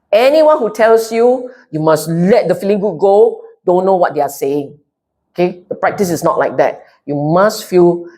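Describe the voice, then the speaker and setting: A woman with a Singaporean English accent giving a Buddhist Dharma talk, playful and direct, often asking the audience if they follow. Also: lowish voice. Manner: animated and playful, mixing in local slang; direct, keeps checking with the audience. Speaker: Dharma speaker.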